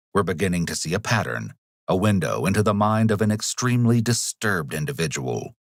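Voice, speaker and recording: Low-voiced guy doing scripted narration, calm and analytical, dry close sound. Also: no room sound. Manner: measured, analytical. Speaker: documentary narrator.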